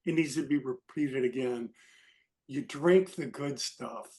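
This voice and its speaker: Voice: medium pitch, measured pace, a little mellow. A panelist speaking on a video call, enthusiastic, emphatic and jokey. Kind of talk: casual chat on a video call.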